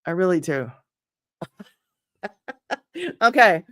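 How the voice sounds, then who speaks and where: A middle-aged online business coach teaches in a loose, chatty livestream from a room at home, laughing often and drifting off topic before reining herself back in. Her mid-range voice is a little slow. The sound is dry and close, with no room echo.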